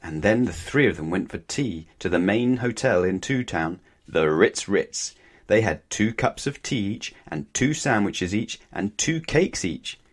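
A man reads a children's story aloud, gentle and playful, never in a hurry. His voice sits a little low for a man, and he gives each line an easy, friendly lilt. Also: animated, a little slow.

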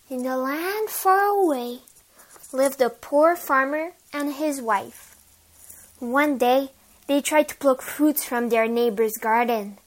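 A woman reading a bedtime fairy tale aloud in a gentle, even storytelling manner. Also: high voice.

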